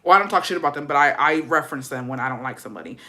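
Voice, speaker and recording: A woman vlogger telling a story in casual chat, profane, gossipy and animated. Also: sits low, rapid-fire.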